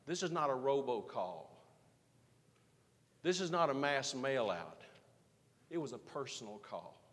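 A man preaching a sermon as pastor, swinging from emphatic rising lines to quiet, hushed asides. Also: medium pitch, animated, a little slow, big-room sound.

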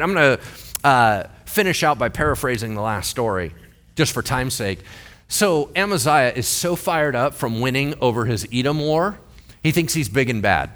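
Lively man in his forties preaching. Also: medium pitch. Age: 40s. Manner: animated, joking and conversational, with questions to the congregation. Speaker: pastor. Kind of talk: sermon. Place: church.

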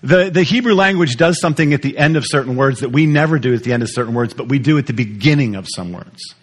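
Animated preacher, man. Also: medium pitch, fast talker, slightly rough. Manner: animated teaching, repeats words, asks the audience questions. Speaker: pastor. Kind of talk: sermon.

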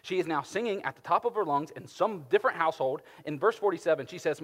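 A male pastor preaching a sermon, swinging between loud emphasis and hushed tones. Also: on the high side, animated, quick pace, hardly any pauses. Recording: long hall reverb.

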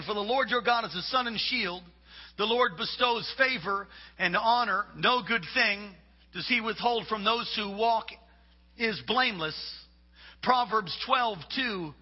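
High-voiced preaching man, husky, echoey hall. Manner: preaching with rising shouts and acted-out quotes. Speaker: pastor. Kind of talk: sermon. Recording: echoey hall, dull lo-fi sound.

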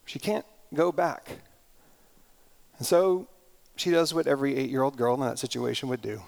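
A pastor preaching a sermon, retelling a story in an animated, conversational way. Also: male voice, a little high, creaky.

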